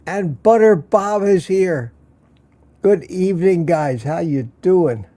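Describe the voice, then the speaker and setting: A friendly man hosts a casual evening livestream from home, reading names from the chat and joking along. His voice sits a little high for a man, with a mellow, soft-edged tone. He talks loosely and easily, with no script. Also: takes it slowly, no room sound. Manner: chatty, greets viewers by name with small jokes. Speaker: livestream host.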